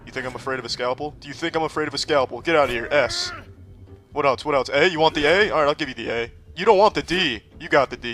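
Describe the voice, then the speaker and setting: A man in his thirties giving deadpan, profanity-laced commentary while playing a game. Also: on the high side, fast, faint music behind. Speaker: streamer. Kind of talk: gameplay commentary.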